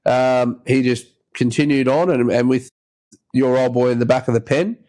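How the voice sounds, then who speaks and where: A man's voice: medium pitch, fairly even intonation, normal speed, mellow. A man with an Australian accent hosting a podcast, telling a rambling story in a casual, chatty way and acting out the voices of the people in it. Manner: rambling yarn-spinner, acts out quoted voices. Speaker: podcast host.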